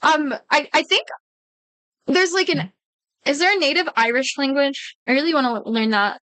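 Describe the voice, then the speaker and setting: A woman's voice: sits high, normal speed, pushed and bright, no room sound, low-quality recording. A woman streamer chatting casually with her viewers, rambling, swearing freely and often breaking off mid-sentence. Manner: rambling, profane, self-interrupting. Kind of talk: casual livestream chat with viewers.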